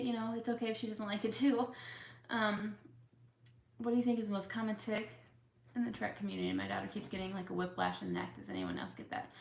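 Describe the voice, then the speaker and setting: A woman's voice: medium pitch, animated, normal speed, vocal fry, long pauses. Chatty young woman in an echoey room. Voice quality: tics. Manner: chatty, with fillers, openly emotional. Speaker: YouTuber answering viewer questions. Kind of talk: casual Q&A chat. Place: home room with a couch.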